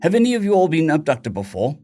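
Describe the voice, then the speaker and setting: Cheerful bossy young woman, high bright voice, quick and eager, voiced by a man. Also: wildly swooping pitch, faint music behind. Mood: brisk cheerful. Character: upbeat young woman alien-abduction rescuer.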